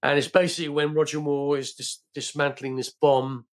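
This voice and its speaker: A man's voice: fairly high pitch, flat delivery, moderate pace. An older man, a film actor guest on a podcast, telling rambling stories full of fillers and restarts. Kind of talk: casual interview storytelling.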